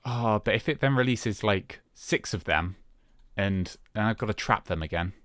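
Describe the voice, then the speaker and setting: A man's voice: fairly low pitch, normal speed, dry recording, studio quality. A man hosting a Minecraft let's-play, casually talking through what he does with many hesitant fillers. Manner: relaxed, self-talking as he plays. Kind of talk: casual gameplay commentary.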